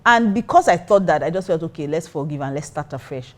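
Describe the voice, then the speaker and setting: Lively woman telling a story. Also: deep voice, fairly quick. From Nigeria. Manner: animated, acts out her own reactions. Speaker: pastor and co-host. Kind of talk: casual storytelling.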